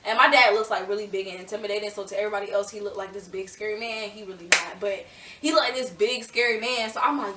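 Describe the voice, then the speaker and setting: A young woman telling a storytime vlog in a chatty, animated way, full of fillers. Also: medium pitch, quick pace, a little hiss or hum. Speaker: vlogger. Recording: echoey room, a little far from mic.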